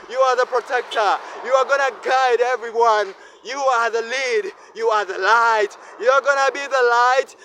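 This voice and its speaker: A man talks to himself on camera in an impassioned monologue. His voice sits unusually high for a man, and he presses each point with repeated, emphatic questions. Faint city noise hums behind him outdoors. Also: steady tone, moderate pace, hardly any pauses, pushed and bright. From Uganda. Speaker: vlogger. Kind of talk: impassioned self-talk monologue.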